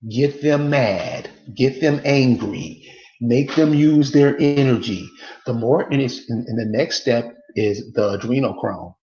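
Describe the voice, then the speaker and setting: A man's voice: mid-range voice, a little mellow, reverberant, dull audio. A man delivering a casual, emphatic monologue to his viewers, repeating rhetorical questions over and over. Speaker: online commentator.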